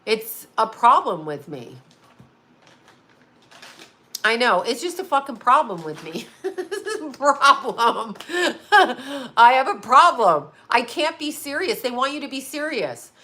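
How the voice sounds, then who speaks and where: Woman in her fifties, bright tense voice, slightly high, profane, blunt, laughs a lot. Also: sing-song, unhurried, long pauses. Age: 50s. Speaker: psychic medium and astrologer. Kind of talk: casual livestream chat.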